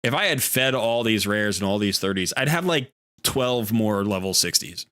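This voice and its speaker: A man's voice: fairly low pitch, animated, normal speed, fairly bright tone, dry recording, clean studio sound. A man hosting a live game stream, chatting casually and rambling with lots of fillers. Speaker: streamer host.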